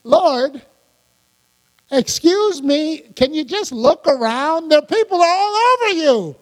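A man's voice: expressive, slow, full character voice. A man doing an exasperated, incredulous disciple. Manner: incredulous, rising high. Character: exasperated male disciple in a crowd. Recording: long hall reverb.

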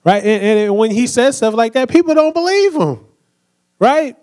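A young male preacher delivers an animated sermon in a high, bright voice. He acts out the people he quotes and keeps asking the congregation to repeat words after him. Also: moderate pace. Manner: energetic, acts out quoted voices, asks the crowd to answer back.

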